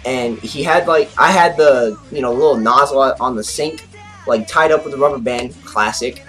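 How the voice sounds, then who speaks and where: A man hosting an anime review, recapping an episode in a casual, excitable way, saying "like" often and gesturing as he talks. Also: mid-range voice, normal speed, faint music behind. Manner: excitable, heavy use of "like"; gestures with his arms while talking.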